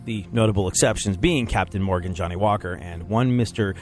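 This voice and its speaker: Guy hosting a radio show, rambly and jokey, laughs a lot, soft music in the back. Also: sits low, a little fast. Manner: rambling, joking, laughs often. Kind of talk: casual banter on a radio show.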